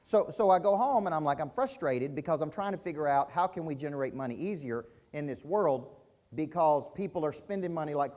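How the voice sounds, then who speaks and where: A man's voice: fairly high pitch, darkish tone. Intense middle-aged man coaching a crowd. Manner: intense, punchy, quizzes the audience. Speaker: business coach. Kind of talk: conference keynote talk. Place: conference hall stage.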